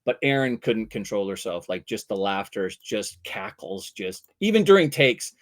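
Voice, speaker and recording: A man from Vancouver, a voice actor telling casual, animated anecdotes and bursting into loud character voices. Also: lowish voice, moderate pace. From Vancouver, Canada. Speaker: voice actor guest.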